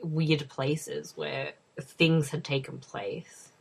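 A woman's voice: deep voice, steady tone, extremely slow, creaky, breathy edge. A woman giving casual commentary over a film, wry and swearing, slipping into muttered asides. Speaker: movie watch-along co-host.

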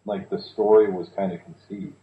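A man chatting casually about a movie, sharing bits of trivia in a relaxed way. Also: on the low side, moderate pace. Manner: relaxed, shares trivia, filler-heavy. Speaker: co-host. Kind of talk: casual movie watch-along commentary. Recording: tinny phone-like line with echo.

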